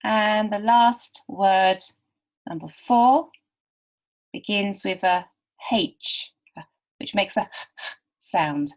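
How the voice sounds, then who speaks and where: A woman teaching beginners to read, talking very slowly and patiently. She sounds out each word carefully and repeats it so learners can follow. Her voice sits at an ordinary middle pitch. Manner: patient, stretches and repeats words. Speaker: literacy teacher.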